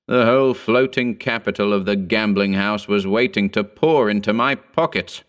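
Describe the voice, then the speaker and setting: A man narrating a Victorian short story in a measured, formal reading style. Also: on the low side, fairly bright tone, clear, resonant tone.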